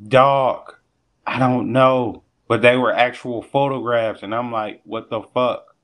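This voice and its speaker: A young man telling a story in a loose late-night podcast chat. His voice sits at a medium pitch, and he talks animatedly and profanely. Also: slow pace. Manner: animated, acts out quotes, profane. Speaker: podcast guest.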